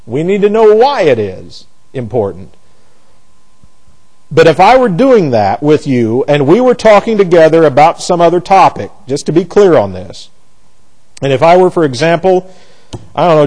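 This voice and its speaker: A man's voice: fairly high pitch, darkish tone, poor audio. A man teaching a conversational Bible study class, asking rhetorical questions, restarting phrases and slipping into folksy asides.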